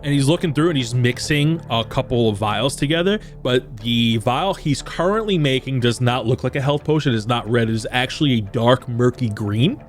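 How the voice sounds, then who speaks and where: A man's voice: medium pitch, moderate pace, few pauses, soft background music. Laid-back man running a tabletop game. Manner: loose, laughing narration with fillers. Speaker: game master.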